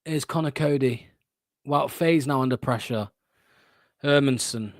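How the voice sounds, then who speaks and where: A man's voice: medium pitch, unhurried, no room sound, clean studio sound. A young man hosting a fan watchalong, giving live play-by-play with blunt, sarcastic asides and swearing.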